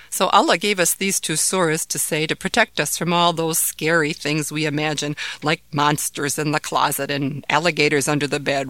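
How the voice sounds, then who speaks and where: A woman narrating a children's bedtime story in a steady, gentle voice. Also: low-pitched, normal speed, hardly any pauses, no echo.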